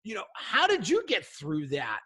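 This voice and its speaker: A man's voice: high-pitched, wildly swooping pitch, normal speed, sharp tone, slightly rough. A man hosting a casual podcast interview, eager and given to repeating himself. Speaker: host.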